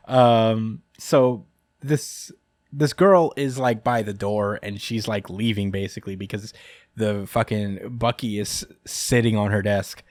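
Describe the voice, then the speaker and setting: A man's voice: lowish voice, fairly even intonation, takes it slowly, dry recording, clean studio sound. A man hosting a podcast who recaps a manga chapter in casual chat. He rambles, chuckles often and fills his speech with "uh" and "like.". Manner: rambling and chuckling, many fillers. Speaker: podcast host.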